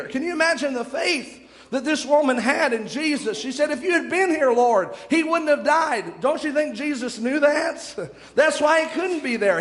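A man's voice: sits high, long reverb tail. A young man preaching a sermon, retelling scripture stories with dramatic shifts in pace.

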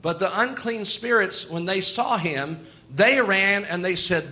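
A man's voice: high-pitched, lively intonation, measured pace, bright, forceful tone. A man preaching a sermon in a folksy, storytelling way. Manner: folksy, storytelling, chuckles often.

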